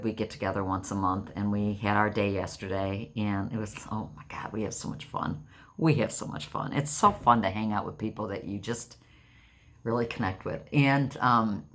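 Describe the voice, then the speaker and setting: A woman's voice: extremely low pitch, fairly bright tone. A woman in her sixties chatting to her viewers, telling stories and laughing often. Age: 60s. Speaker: vlogger. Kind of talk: casual chat to camera.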